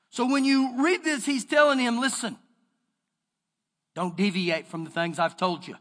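Texan male pastor, high bright voice, emphatic sermon in a church with a long hall echo. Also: unhurried, long pauses. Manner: emphatic, conversational preaching with bursts of shouting. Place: church sanctuary.

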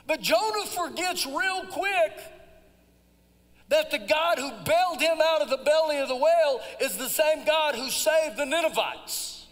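High-voiced preacher. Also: male voice, a little slow. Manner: swings from low asides to loud shouted emphasis; folksy, conversational preaching. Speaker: pastor. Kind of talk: live sermon. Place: church sanctuary during a service. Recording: long hall reverb.

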